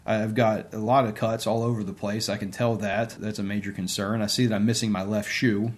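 Low-voiced man telling a story. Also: flat delivery, a little fast. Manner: conversational, many fillers and repeats. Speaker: interview guest; sports coach. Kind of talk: casual storytelling.

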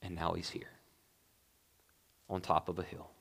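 A male pastor preaching a sermon, moving between hushed, quiet lines and raised, emphatic passages. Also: deep voice, completely flat delivery, a little slow, creaky, in a large hall.

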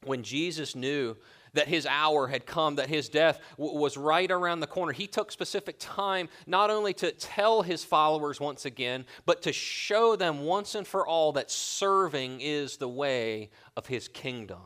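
A man's voice: a little high, measured pace, a bit bright. A man pastor preaching a sermon in an earnest, conversational way with colloquial asides.

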